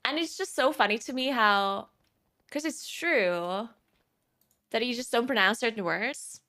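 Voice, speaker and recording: A woman's voice: on the high side, unhurried, bright, forceful tone. A woman streamer chatting casually in a rambling way, laughing often.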